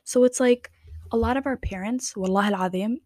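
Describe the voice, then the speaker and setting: A woman in her twenties hosting a podcast, talking candidly and casually to listeners in slangy, drawn-out chat. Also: on the high side, darkish tone, no echo, studio quality. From Somali family. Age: 20s. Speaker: podcast host. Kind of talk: casual personal monologue.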